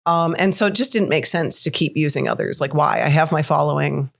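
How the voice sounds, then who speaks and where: A woman's voice: low-pitched, fairly quick, gravelly. A woman author as a podcast guest, talking candidly in a casual chat and laughing easily.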